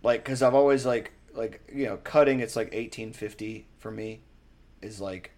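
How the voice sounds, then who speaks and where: A young man in casual chat, rambling and profane, telling animated stories. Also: lowish voice, moderate pace.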